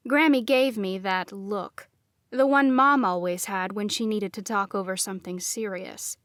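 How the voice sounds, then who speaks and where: Slow, dry first-person audiobook narrator, woman. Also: medium pitch, a bit bright, dry recording.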